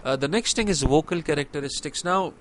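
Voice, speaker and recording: A man's voice: on the high side, brisk, slight background noise. A young man giving a university lecture, explaining step by step with many fillers and frequent rhetorical "right?" checks.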